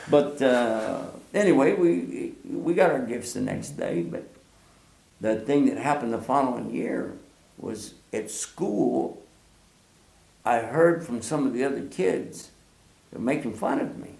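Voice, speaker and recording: Animated gravelly older man telling a story. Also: medium pitch, slow pace, reverberant. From northern United States. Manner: animated, laughs often, acts out quoted voices. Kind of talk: casual storytelling.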